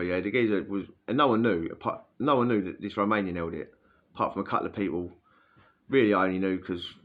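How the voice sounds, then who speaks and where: In a chatty, slangy way, a man who was once in prison recounts a story and keeps checking in with "yeah?". His voice is fairly low, and the recording has its highs cut off.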